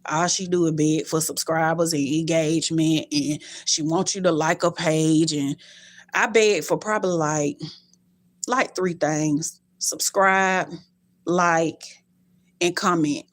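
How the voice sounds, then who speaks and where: A young adult woman live-streaming to her viewers, telling stories animatedly, cussing bluntly and jumping in pitch. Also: fairly even intonation, slow pace.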